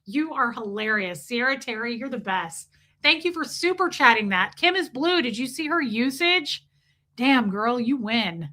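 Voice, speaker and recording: Bright, effusive woman streamer. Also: on the high side, animated, a little slow. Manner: chatty, effusive, thanks viewers. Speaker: livestream host. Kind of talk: casual livestream chat.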